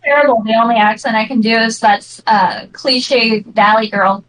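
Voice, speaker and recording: A woman's voice: a little high, moderate pace, fairly bright tone, a little hiss or hum, rough recording. A woman making wry, amused remarks in a casual group chat.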